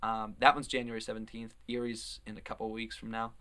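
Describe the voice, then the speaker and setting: Bright, clear young man rambling casually. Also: on the low side, flat delivery, a little fast. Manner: rambling, hesitant with many fillers. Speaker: guest musician in a band. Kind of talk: casual conversational chat.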